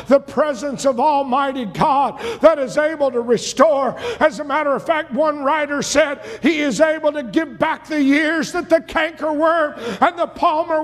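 A male preacher with a very high voice who delivers his sermon slowly and deliberately, building into impassioned shouts. His voice rings out in a large hall with a long reverb, while soft instrumental music plays behind him. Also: slight background noise. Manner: impassioned, often shouting in rising bursts.

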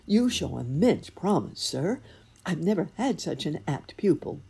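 A woman voicing a calm, resourceful male cat who poses as a grand wizard, speaking slowly and impressively. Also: lowish voice, creaky, slightly rough, pitched above the performer's own voice, full character voice. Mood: calm, crafty. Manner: measured, impressive, slow.

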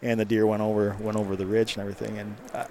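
A man's voice: on the low side, very fast, vocal fry, slight background noise. Man telling a hunting story. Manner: animated storytelling, acts out quoted dialogue. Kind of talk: casual chat.

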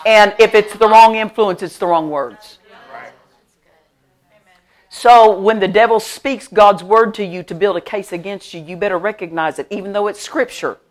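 A middle-aged woman pastor preaching a sermon at a church service. She tells stories with lively emphasis, laughs often, and repeats her key phrases. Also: medium pitch, normal speed. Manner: animated storytelling with frequent laughter.

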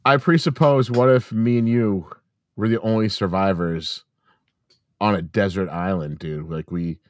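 Low-voiced man joking crudely, dry sound. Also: measured pace, no echo. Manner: crude joking, laughs a lot, swears. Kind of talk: casual chat.

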